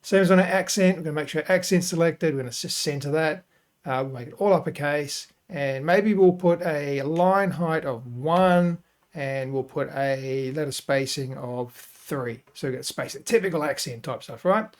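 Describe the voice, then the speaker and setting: A man hosting a software tutorial, talking casually and thinking aloud as he works through each step. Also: fairly high pitch, normal speed. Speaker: web design tutorial host. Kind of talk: screen-recorded software tutorial.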